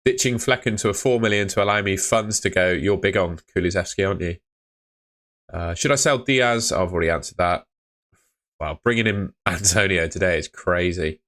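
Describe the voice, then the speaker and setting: Low-voiced laid-back man streaming. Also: moderate pace, fairly bright tone. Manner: laid-back, chatty, reads viewer messages aloud. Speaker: fantasy football streamer. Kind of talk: casual live-stream chat reading comments.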